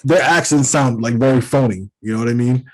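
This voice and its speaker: This Caribbean-raised podcast co-host talks at a brisk pace in a medium-pitched voice. It's a loose, casual chat full of fillers, rambling and false starts, captured on poor-quality audio.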